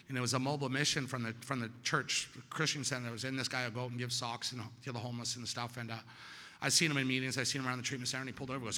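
Sharp-voiced man telling his story in a hall. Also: medium pitch, very fast. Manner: animated storytelling with sudden loud peaks and quiet drops. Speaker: recovery meeting speaker. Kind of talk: personal testimony to a meeting audience.

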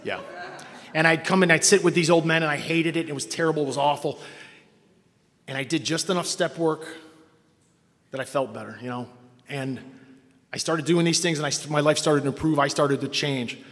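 A man's voice: on the high side, a little fast, pauses often, a bit bright. A man from Cleveland telling his own recovery story to a meeting, wry and self-mocking, acting out the people he quotes. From Cleveland, Ohio. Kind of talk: personal story told to an audience. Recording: long reverb from a hall.

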